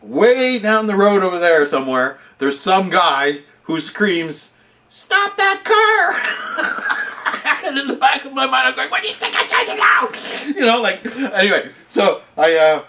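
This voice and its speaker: A man vlogging, telling a rambling personal anecdote in a casual, self-mocking way and often chuckling at himself. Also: sits high. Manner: animated, rambling storyteller who laughs at himself.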